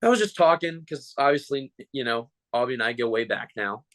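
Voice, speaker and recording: Animated joking man telling stories. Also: mid-range voice, fairly quick, no room sound, low-quality recording. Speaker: mascot performer. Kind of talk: casual interview chat.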